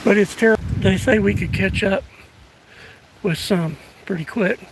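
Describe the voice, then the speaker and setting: Old country guy, huffing and puffing, high gravelly voice, rambly and folksy, outdoors with faint nature noise. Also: moderate pace. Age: 60s. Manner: rambling, folksy, self-deprecating. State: out of breath. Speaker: vlogger. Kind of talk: casual outdoor livestream chat. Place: outdoors in rural woods. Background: outdoor ambience and a passing train.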